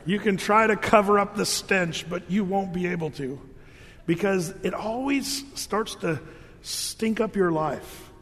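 A man preaching a sermon, telling jokes and stories in a casual, animated way. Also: sits high, unhurried, in a large hall. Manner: storytelling, animated with jokes and asides. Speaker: pastor.

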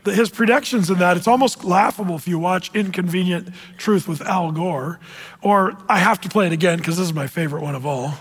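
A man giving an informal sermon as a pastor, halting in his talk and slowing down to read scripture deliberately. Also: sits high, fairly bright tone, breathy edge, big-room sound. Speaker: pastor giving a prophecy update.

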